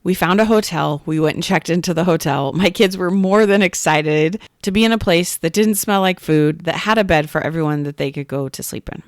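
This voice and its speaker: A woman in her thirties, a podcast host and coach, telling a personal story in an earnest, animated way. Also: lowish voice, a little fast, few pauses, no echo, studio quality.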